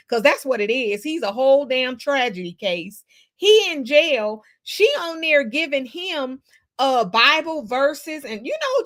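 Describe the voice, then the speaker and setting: A woman's voice: high voice, a bit bright. A woman hosting a livestream and giving gossip commentary. She is emphatic, salty and profane, and she greets viewers in the chat by name. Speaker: livestream host reading chat.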